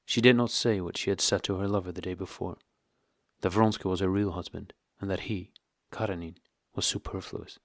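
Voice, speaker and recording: A man narrating an audiobook of a classic novel in a measured, steady reading. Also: low voice, no echo, studio quality.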